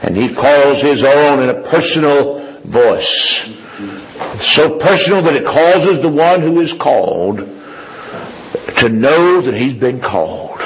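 Preacher, male, slow deliberate delivery, emphatic repetition, faint room noise. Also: lively intonation, low-quality recording. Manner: builds from low confiding tones to high ringing declarations. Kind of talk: sermon.

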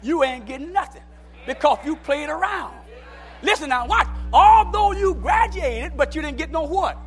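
A man preaching a sermon in plain folksy speech, dropping into low asides and then rising to shouted exhortation. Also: animated, normal speed. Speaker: pastor. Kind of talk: call-and-response sermon.

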